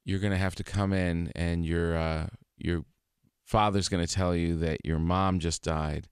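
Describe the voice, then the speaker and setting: A man guest on a radio show, chatting casually and telling animated stories, laughing often, in a studio. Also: low-pitched, unhurried, clean tone, no echo. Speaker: comedian guest. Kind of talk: casual interview chat.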